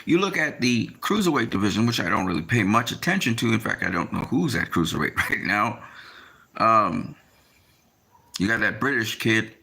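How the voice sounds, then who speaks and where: A man talking casually in a rambling monologue, often pausing with fillers as he tries to recall names. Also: lowish voice, lively intonation, gravelly, bright, forceful tone, slightly rough. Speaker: boxing commentator.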